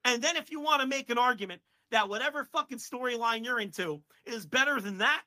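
A man co-hosting a podcast, ranting with heated, profane excitement in casual chat. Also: extremely high pitch, a little fast. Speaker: podcast co-host.

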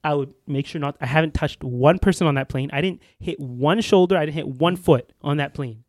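A young man with a fairly high voice talks a little fast, recorded dry in clean studio sound. He's a podcast co-host telling a story casually, meandering through plenty of fillers and restarts.

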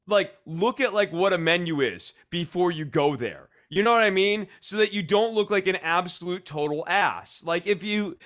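High, bright-voiced man rambling. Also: normal speed, few pauses. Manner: rambling, heavy use of "like". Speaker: podcast co-host. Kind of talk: casual comedic discussion.

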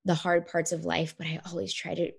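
Woman, 30s, interview guest; earnest reflective storyteller, low voice with vocal fry. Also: little pitch movement, a little fast. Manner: earnest, reflective, frequent "like" and "you know".

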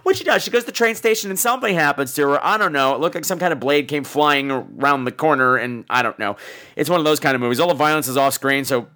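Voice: medium pitch, fast talker, sharp tone. A podcast host giving a casual movie review in a sarcastic, exasperated rant.

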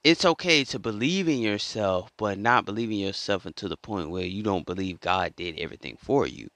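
A man's voice: lowish voice, lively intonation, brisk, a bit bright, dry recording. A man telling a story in a casual monologue, rambling and repeating himself as he goes. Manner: rambling and repetitive, restarts a lot. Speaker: vlogger.

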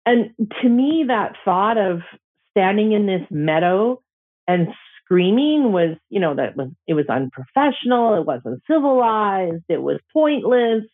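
Woman, middle-aged, elder telling her story, gentle, emotional, mid-pitched, tinny narrow audio. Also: sing-song, a little slow. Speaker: Métis elder sharing a personal story. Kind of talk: reflective personal storytelling.

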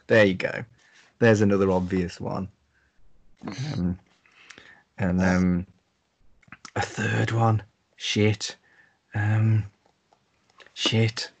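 A man's voice: on the low side, steady tone, very slow, vocal fry, long pauses, husky. A man, a podcast guest chatting casually, swearing and mocking himself in a flustered way. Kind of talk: casual chat.

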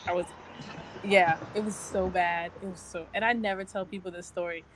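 A woman's voice: on the low side, fairly even intonation, moderate pace, a little hiss or hum. Young woman telling a candid story. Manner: candid, rambling storytelling with lots of fillers. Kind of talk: casual chat.

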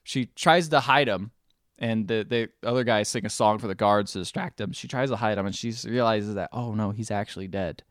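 A man hosting a podcast, casually retelling a movie's plot and acting out the characters' lines in quick bursts. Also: on the low side, no room sound, studio quality. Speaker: podcast host.

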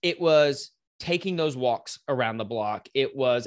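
Animated motivational man, casual storyteller. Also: mid-range voice, a little slow. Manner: animated, casual, swears, mimics voices in anecdotes. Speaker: podcast guest.

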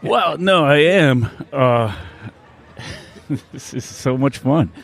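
A hungover man co-hosting at an outdoor beer festival, speaking in short, halting bits. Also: mid-range voice, lively intonation, creaky, fairly bright tone. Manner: laconic, halting. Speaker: co-host. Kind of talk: casual on-site interview.

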